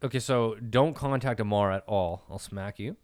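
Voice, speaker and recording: A man's voice: fairly low pitch, moderate pace, darkish tone. A young man from Canada hosting a casual podcast, telling rambling stories full of "like" fillers, close to the mic. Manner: rambling storyteller, lots of "like" fillers. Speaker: podcast host.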